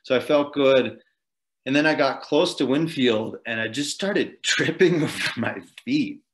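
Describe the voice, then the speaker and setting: Unhurried and medium-pitched, this ultrarunner is interviewed on a podcast about a long race. His storytelling is loose and wandering, sprinkled with chuckles and filler words.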